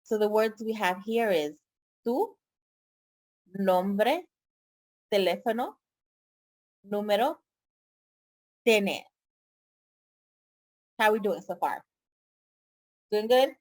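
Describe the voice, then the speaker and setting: A woman tutor talks slowly and patiently, repeating every word so her students can follow. Her voice sits at a medium pitch with an unhurried pace. She sounds like she is teaching an online lesson. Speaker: pharmacy tech Spanish tutor.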